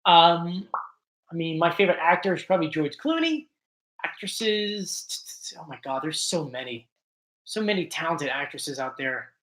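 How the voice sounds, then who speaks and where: With a fairly bright tone, lively intonation and a voice on the high side, this South Jersey man speaks a little slowly. He hosts a YouTube show as a casual livestream, reading viewer comments and rambling through his replies with plenty of "likes" and "ums."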